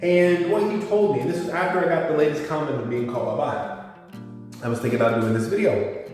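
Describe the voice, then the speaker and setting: A man's voice: on the high side, fast talker, darkish tone, very echoey, big-room sound, distant mic, faint music behind. A man talking informally to his viewers as a YouTuber, explaining words and spelling them out. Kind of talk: casual monologue to camera.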